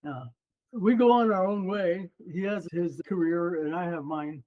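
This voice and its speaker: High-voiced, animated older man. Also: unhurried, muffled recording. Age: 70s. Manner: lively, animated storyteller. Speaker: podcast guest, former runner and coach. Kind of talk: casual storytelling interview.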